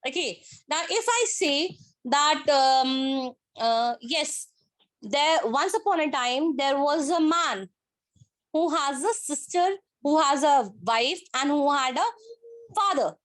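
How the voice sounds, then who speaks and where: A woman's voice: high voice, lively intonation, slow, fairly bright tone. A woman with an Indian English accent giving a workshop presentation on speaking skills over a video call, in simple words, repeating her key points with emphasis.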